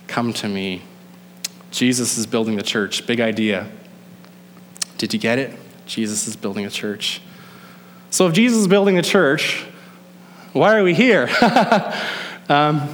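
A young man preaching a sermon as a pastor, in a conversational style that slows down to stretch key words. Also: fairly high pitch. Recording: long hall reverb.

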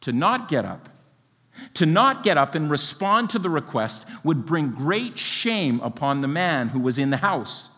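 A man preaching a sermon, expressive and full of rhetorical questions, with a light laugh now and then. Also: fairly high pitch, measured pace. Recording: long hall reverb.

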